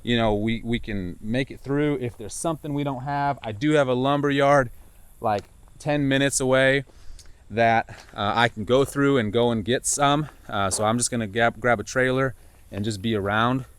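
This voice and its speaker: A man vlogging about building his own house, talking casually and rambling, his pitch jumping up whenever he quotes himself. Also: moderate pace, clear, resonant tone. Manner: rambling, animated, jumps pitch when quoting himself. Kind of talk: casual talk to camera. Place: outdoors on a building site.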